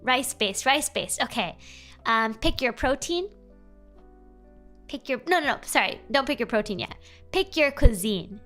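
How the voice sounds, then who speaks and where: A young adult woman streaming casual advice chat, animated and playful, jumping up in pitch for emphasis. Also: moderate pace, pauses often, faint music behind. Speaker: vtuber streamer giving advice.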